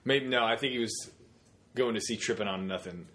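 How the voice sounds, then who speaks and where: A man's voice: lowish voice, fairly quick, fairly bright tone, slight background noise. A man co-hosting a podcast in laid-back, casual, swearing banter. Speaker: podcast co-host. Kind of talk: casual chat.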